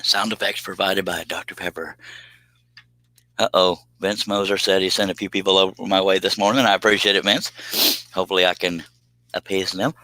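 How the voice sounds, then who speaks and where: A middle-aged man, speaking low and with a bright edge. He rambles in a folksy way through a casual live-stream chat. The sound is dry and close. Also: fairly even intonation, fairly quick, no room sound, poor audio. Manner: rambling, folksy, laughs often.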